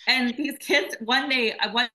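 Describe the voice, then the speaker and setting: Bright-voiced earnest woman guest. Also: on the high side, unhurried, low-quality recording. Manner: earnest, emotional, warm storytelling. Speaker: nonprofit founder, guest. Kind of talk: casual interview talk.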